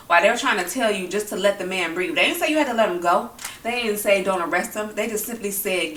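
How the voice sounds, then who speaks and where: A woman ranting while she eats on camera, blunt and heated, with plenty of cursing. Her voice is bright and sharp. She sits some way from the mic, and the room rings with echo. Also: mid-range voice, animated, fast, recorded from a distance. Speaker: mukbang vlogger. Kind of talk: angry opinion talk while eating.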